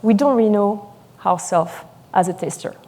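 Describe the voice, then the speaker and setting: A French-accented woman in her forties gives a live lecture, her words tumbling out quickly with eager excitement. Her voice is mellow and warm rather than bright. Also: medium pitch. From France. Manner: fast, excited, talkative. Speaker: sommelier lecturer.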